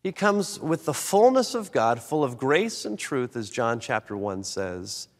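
Male pastor, mid-pitched voice, dramatic dynamic swings, long hall reverb. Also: measured pace. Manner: animated, swings between loud emphasis and soft low delivery. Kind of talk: sermon.

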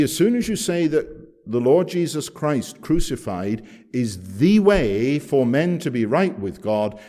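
Lively, mellow-toned preacher. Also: male voice, medium pitch. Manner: storytelling, emphatic with wide swings in loudness. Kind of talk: gospel sermon.

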